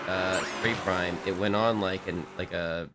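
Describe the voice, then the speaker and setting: A man's voice: deep voice, steady tone, a little slow, very noisy. A man in his forties streaming as he paints, chatting casually and rambling, trailing off and restarting his thoughts. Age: 40s. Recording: music from a TV show playing behind. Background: TV show audio and music.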